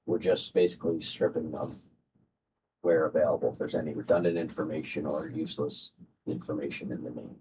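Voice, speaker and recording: A man talks plainly on a video call, his voice very deep. Clear noise hangs under the line the whole time. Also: fairly even intonation, fairly quick. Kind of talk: casual chat on a call.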